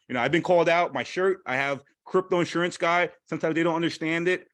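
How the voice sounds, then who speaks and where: A man speaking candidly at a live event, animated and repeating phrases for emphasis. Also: fairly high pitch, quick pace, hardly any pauses, no room sound. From Haitian heritage. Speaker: panel speaker. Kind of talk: candid personal talk.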